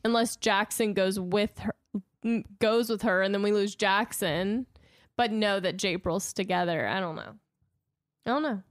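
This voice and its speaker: A young woman co-hosting a podcast, telling a story in an animated, laughing way. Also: medium pitch, measured pace, no room sound, clean studio sound. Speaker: podcast co-host. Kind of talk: casual chat.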